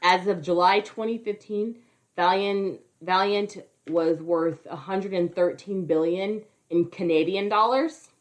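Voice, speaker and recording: Woman podcast co-host, loose and profane, animated ranting delivery. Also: mid-range voice, measured pace. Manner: profane, animated, mocking impressions. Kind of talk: casual chat.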